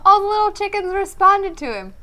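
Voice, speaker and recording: A woman's voice: very high-pitched, sing-song, fairly quick, bright, forceful tone. A woman co-hosting a live web show, chatting casually in a bubbly, giggly way and stubbornly arguing back. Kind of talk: casual chat.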